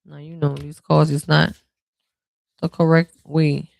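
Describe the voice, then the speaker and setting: A tarot reader with a New Orleans accent gives a casual card reading and speaks straight to the listener. The phrasing is slow and drawn out, full of soft fillers. The voice sounds dry and close, with no room echo. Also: medium pitch, little pitch movement, vocal fry. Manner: reassuring, speaks straight to the viewer.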